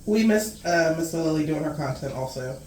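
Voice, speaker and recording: A woman co-hosting a casual talk show, calmly reading viewer comments aloud with soft-spoken asides. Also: low voice, moderate pace. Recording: echoey room with faint noise.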